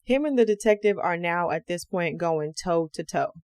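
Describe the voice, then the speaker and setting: A woman hosting a true crime podcast, telling the story in a casual, slangy, animated way and acting out the quotes. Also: fairly low pitch, moderate pace, no echo. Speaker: podcast host.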